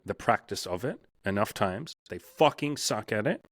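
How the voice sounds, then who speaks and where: Male coach, lowish voice, dry close mic; frank, profane, plays out inner voices. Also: lively intonation, moderate pace, dry recording. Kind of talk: casual interview talk.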